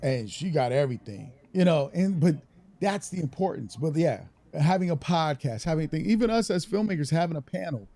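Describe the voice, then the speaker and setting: A man's voice: fairly high pitch, lively intonation, a little fast, mellow. A man co-hosting a casual filmmaker panel chat, joking and laughing often. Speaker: podcast co-host.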